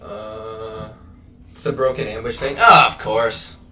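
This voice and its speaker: Slow-talking rambling male streamer. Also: on the low side, fairly even intonation, bright, forceful tone, roomy sound, distant mic. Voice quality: rambling, swears freely. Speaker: game streamer. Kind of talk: casual live gameplay chat. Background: game music.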